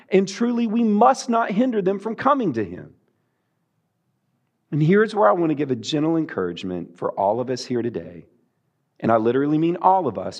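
Male pastor, sermon delivery, lively swooping pitch, fairly high voice, emphatic. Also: slightly rough. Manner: emphatic, rising and falling for emphasis.

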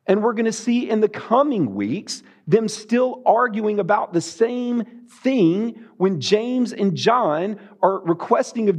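Male pastor, sermon delivery, lively swooping pitch, fairly high voice, emphatic. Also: slightly rough. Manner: emphatic, rising and falling for emphasis.

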